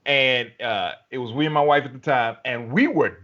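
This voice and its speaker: A man's voice: mid-range voice, moderate pace, a bit bright, dull audio. A man co-hosting a casual chat, laughing often and chiming in with playful interjections. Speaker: co-host.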